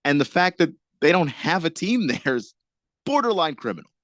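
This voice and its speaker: A man's voice: a little high, big pitch swings, moderate pace, a bit bright, no room sound, clean studio sound. A man co-hosting a casual sports radio show. He laughs often and stumbles over his restarts.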